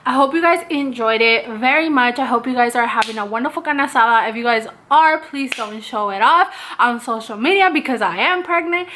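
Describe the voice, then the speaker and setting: A woman's voice: on the high side, moderate pace, a bit bright, a little hiss or hum. A woman, chatting casually through a makeup tutorial as a beauty vlogger. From California. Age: 20s. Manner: chatty, casual, addresses viewers as "you guys".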